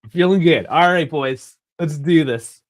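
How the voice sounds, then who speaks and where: Young male streamer for live match watch-alongs: rambling, excitable, loud shouts at near-misses, slightly high voice. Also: measured pace, dry recording, studio quality. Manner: excitable, swears often, bursts into shouts at chances; chatty, rambling with restarts.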